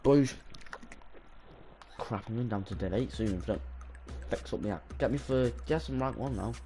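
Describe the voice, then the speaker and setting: Excitable young man streaming. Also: on the low side, fairly quick. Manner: excitable, swears and yells at the game. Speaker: gaming streamer. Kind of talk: live gameplay stream commentary.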